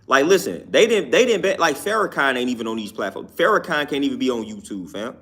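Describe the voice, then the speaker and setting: A man's voice: mid-range voice, animated, fast talker, fairly bright tone, husky. A man talking through his opinions on his own YouTube show, emphatic and repetitive, often asking "you know what I'm saying". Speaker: YouTube commentator. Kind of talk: casual opinion talk.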